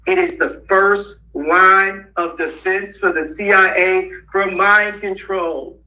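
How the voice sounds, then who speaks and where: High bright-voiced guy rambling casually, laughs a lot, sits a little off the mic. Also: steady tone, takes it slowly, recorded from a distance, poor audio. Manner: rambling, laughs often mid-story. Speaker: interview guest.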